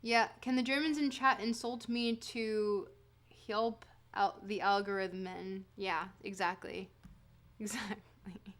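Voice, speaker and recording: A woman streamer with a medium-pitched, slightly bright and steady voice takes her time reading philosophy aloud in a put-on accent. When she trips over words she corrects herself, then drifts into playful, self-deprecating remarks to her chat.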